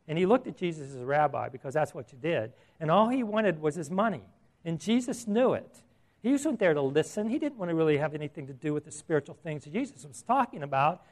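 A middle-aged man preaching a sermon with a slightly high voice. He is earnest and emphatic and keeps putting questions to his listeners. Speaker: pastor.

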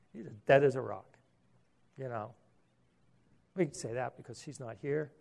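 A man's voice: mid-range voice, moderate pace, gravelly, pauses often, darkish tone. A man preaching a sermon, earnest, with repeated words and rhetorical questions.

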